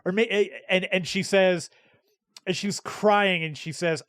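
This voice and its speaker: A man's voice: high voice, measured pace, no room sound, studio quality. A man co-hosting a podcast who animatedly retells film scenes and stories in casual chat. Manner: animated storyteller, laughs while retelling quotes. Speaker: podcast co-host.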